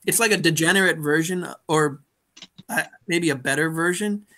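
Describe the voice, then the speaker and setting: A man's voice: on the high side, moderate pace, bright, forceful tone. A man co-hosting a live talk show on a video call, explaining synth gear casually with restarts and fillers. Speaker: co-host. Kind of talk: casual chat.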